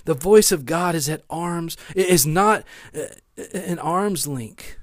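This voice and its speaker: A man's voice: on the high side, slow pace, dry recording, studio quality. A man preaching a sermon in an earnest way, repeating key phrases for emphasis and often restarting his sentences. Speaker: pastor.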